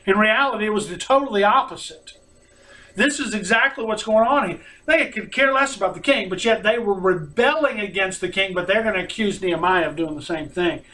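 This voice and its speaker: A man delivers a sermon in a high, bright voice. He preaches earnestly and slips into the mocking voices of the people he describes. He sounds some way off from the mic. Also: brisk, distant mic, low-quality recording. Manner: earnest, acts out mocking quotes of opponents.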